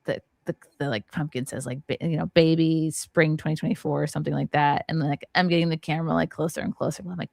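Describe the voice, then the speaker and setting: A woman's voice: deep voice, quick pace, vocal fry, few pauses, a little mellow, no room sound. Candid, profane woman, dry close sound. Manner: candid and profane, voice rising sharply when upset. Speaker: host, stand-up comedian. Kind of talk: emotional podcast conversation.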